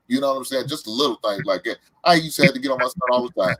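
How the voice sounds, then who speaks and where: A man in his forties hosts a casual podcast chat, telling stories at an easy pace with plenty of fillers. His voice is a bit husky, and the sound is dry and close to the mic. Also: mid-range voice, rapid-fire, fairly bright tone, dry recording, poor audio. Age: 40s. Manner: laid-back, repetitive storytelling with many fillers. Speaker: podcast host.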